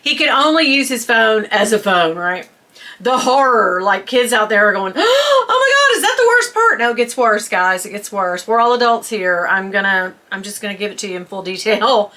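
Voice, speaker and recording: A woman, telling a story to camera in a casual, animated way, laughing often and acting out voices. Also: a little high. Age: 50s. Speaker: vlogger.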